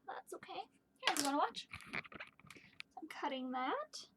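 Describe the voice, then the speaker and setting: A woman teaching a home video lesson to young children, playful and gentle, asking them questions as she works. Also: high voice, very animated, slow pace, background noise. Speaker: kindergarten teacher.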